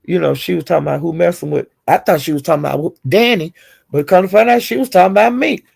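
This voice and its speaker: A woman's voice: fairly low pitch, fast talker, creaky, darkish tone, slightly rough. A woman streamer casually retelling online drama, chatty and acting out the quotes with chuckles. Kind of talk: casual gossip storytelling.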